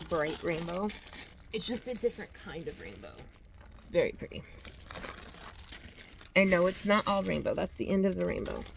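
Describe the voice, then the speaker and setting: A yarn channel host, this woman chats through a casual show-and-tell, reading yarn labels aloud and correcting herself as she goes. Her mid-range voice is creaky, with a little hiss or hum in the audio.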